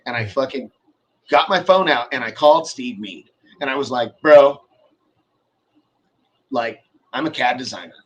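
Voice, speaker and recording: A man's voice: mid-range voice, expressive, measured pace, long pauses, breathy edge, lo-fi sound. A man in his forties telling a long workshop story in casual, profane chat, acting out the people he quotes.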